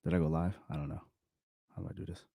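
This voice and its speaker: A middle-aged man with a very low voice chats on his own to his viewers, wandering from thought to thought. He backtracks and corrects himself, chuckling as he goes. The sound is dry and close, with no room echo. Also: flat delivery, fast, creaky, mellow. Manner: rambling, self-correcting, chuckles often. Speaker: vlogger. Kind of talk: casual solo self-reflection talk.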